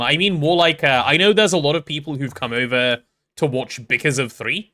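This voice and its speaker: A man's voice: a little high, brisk, sharp tone. A man live-streaming a game, chatting casually and rambling as he reads chat and talks through his build.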